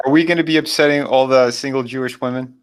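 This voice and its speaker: A man's voice: medium pitch, steady tone, fast. A man joining a casual podcast chat, cracking crude jokes and laughing a lot. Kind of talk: casual group chat on a stream. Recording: loud background noise with clicks.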